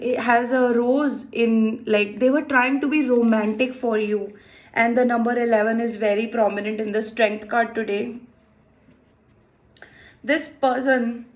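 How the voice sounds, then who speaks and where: Slow, high-voiced woman reading tarot. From India. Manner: emotive and exclaiming, thinking aloud. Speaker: tarot reader. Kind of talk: tarot card reading to viewers.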